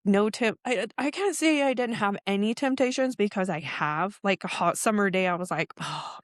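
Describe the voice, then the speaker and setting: A woman in her forties speaks candidly and with feeling as a podcast guest, switching into lively quoted voices as she tells her story. Her voice sits at an ordinary middle pitch, recorded close and dry with no room sound. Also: normal speed, no room sound. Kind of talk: casual chat.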